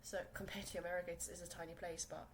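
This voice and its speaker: A woman's voice: fairly low pitch, flat delivery, very fast, slight background noise, rough recording. Rambling young Korean woman podcasting at home. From South Korea. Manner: rambling, full of fillers and restarts. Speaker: podcast host. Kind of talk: casual solo podcast chat. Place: small room at home.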